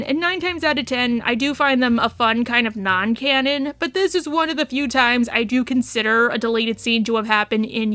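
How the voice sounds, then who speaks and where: A woman's voice: a little high, a bit bright. A young woman with a nasal voice narrating a casual video essay, chatty and full of sarcastic asides.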